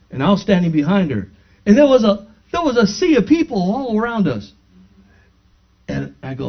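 Captured in dull lo-fi sound, a man preaches in a high voice whose pitch swoops wildly, at a moderate pace. His sermon testimony recounts a personal story for the congregation, dramatizing the dialogue, before mounting into fervent praise.

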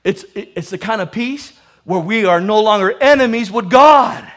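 High bright animated preacher man. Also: moderate pace. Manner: animated, exclaims hallelujah and man often, laughs while preaching. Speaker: pastor. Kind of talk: lively sermon.

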